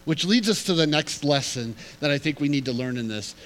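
A man preaching a sermon in an animated, humorous, conversational way. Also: fairly high pitch, a little fast, slight background noise, low-quality recording. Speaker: pastor.

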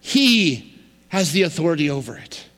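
A male pastor preaching a sermon in a conversational yet emphatic way, swinging between loud and quiet passages. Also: on the high side, big pitch swings, normal speed. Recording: long reverb of a large hall.

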